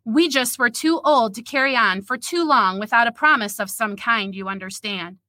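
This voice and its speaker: A guarded, polite young newlywed, as a woman reads her lines aloud. The voice sits fairly high with a bright, forceful edge. She speaks in a measured, reserved way, and the sound is close and dry. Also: no echo. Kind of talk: reading fiction aloud.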